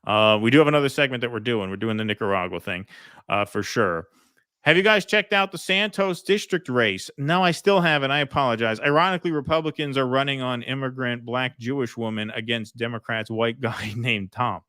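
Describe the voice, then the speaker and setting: A man's voice: medium pitch, fairly quick, sharp tone, clear, resonant tone, no room sound, clean studio sound. A man hosting a casual political livestream, reading out viewer comments and thanking donors, chatty with many ums and restarts. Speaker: host reading viewer super chats.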